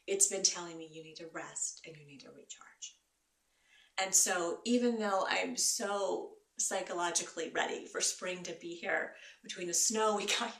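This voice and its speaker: A woman host and wellness coach giving gentle, encouraging advice to her viewers. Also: lowish voice. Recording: roomy echo, voice from a distance.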